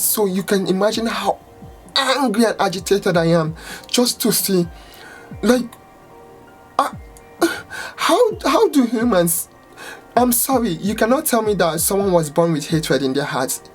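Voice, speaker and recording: A woman salon owner giving an impassioned, angry rant to camera, exasperated and swearing, with outbursts that climb in pitch. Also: expressive, normal speed, faint music behind. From United States.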